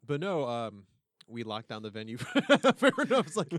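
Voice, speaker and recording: A man's voice: medium pitch, very animated, measured pace, a bit bright, no room sound, clean studio sound. A man co-hosting a podcast, throwing in wry jokes in casual chat. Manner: joking, wry interjections. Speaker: podcast co-host.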